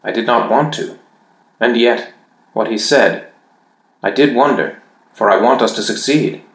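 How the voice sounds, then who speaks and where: An earnest young girl apprentice, still shaken, pleading with her master in a raised, bright voice, as a man puts her on. She pushes her questions with urgency, and the echo of the room rings around her. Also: medium pitch, a little slow, pitched above the performer's own voice, close to an everyday voice. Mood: trembling.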